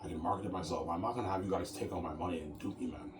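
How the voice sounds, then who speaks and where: A man with a very low voice talks in a loose, rambling way, circling back to the same points and ending lines with "man." His voice rings around a reflective room over steady, clearly heard background noise. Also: very fast, echoey room. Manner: rambling, repetitive, tags sentences with "man". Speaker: show host. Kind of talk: casual rambling monologue.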